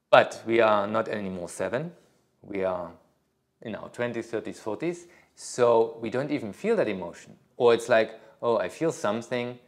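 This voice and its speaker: A middle-aged yoga teacher with a medium-pitched voice talks casually at a studio workshop. He rambles, using many fillers and frequently restarting his sentences.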